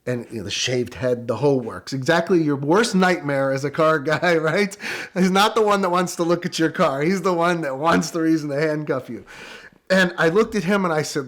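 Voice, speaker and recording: A middle-aged man telling a story in a casual, animated way, with quick excited bursts. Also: a little high. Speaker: guest storyteller.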